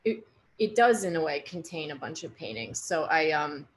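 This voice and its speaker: A woman in her forties talks through her work in a relaxed conversation. She speaks haltingly, restarting her sentences often, in a slightly low voice. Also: a little hiss or hum. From United States. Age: 40s. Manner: hesitant, halting, many restarts. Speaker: artist guest. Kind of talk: casual conversation.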